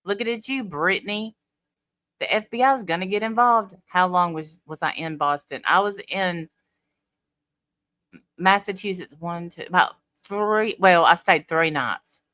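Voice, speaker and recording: Low-voiced chatty woman streaming live. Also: a little slow, pushed and bright, no room sound. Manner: chatty, blunt, talks back to chat. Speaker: livestream host. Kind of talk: casual live chat reading comments.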